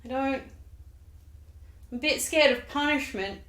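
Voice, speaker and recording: A woman's voice: high-pitched, a little slow, fairly bright tone, roomy sound. A woman voicing a nervous, dithering male nobleman who speaks in hesitant, whiny, casual slang.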